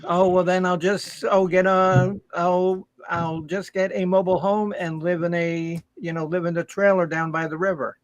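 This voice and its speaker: A man's voice: sits high, flat delivery, normal speed, few pauses, dry recording, dull audio. A man chatting casually on a live stream, rambling and often restarting his sentences.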